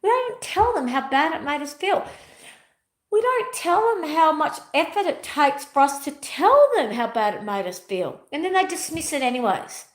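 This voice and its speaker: A spiritual teacher delivers a motivational talk in a fairly high, very animated voice at a normal pace. She is emphatic, driving her points home by repeating key phrases, and her home gives the recording a roomy echo.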